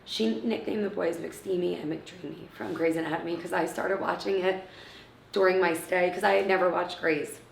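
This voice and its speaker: Gravelly-voiced woman telling a personal story. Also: on the low side, steady tone, moderate pace, a little hiss or hum. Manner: acts out others' words, often drops to a hushed near-whisper. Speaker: interviewee, mother of premature twins. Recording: roomy, from a distance.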